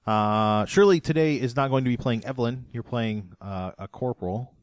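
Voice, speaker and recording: A man's voice: medium pitch, smooth, dry recording, clean studio sound. A man running a tabletop game as game master, talking casually and hesitantly, with many fillers and restarts. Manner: halting, full of fillers and restarts.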